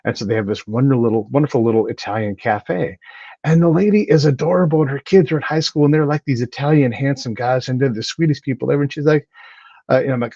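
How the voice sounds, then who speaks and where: A man hosting a podcast in casual chat, telling stories in an animated way with lots of restarts. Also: mid-range voice, quick pace, no echo, highs cut off. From United States. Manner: animated storyteller, chatty with frequent restarts. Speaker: podcast host.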